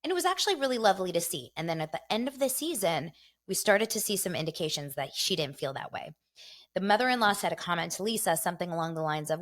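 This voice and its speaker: A middle-aged woman hosts a casual gossip commentary in a slightly low voice. She is chatty and animated and talks straight to her viewers. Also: fast. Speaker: show host.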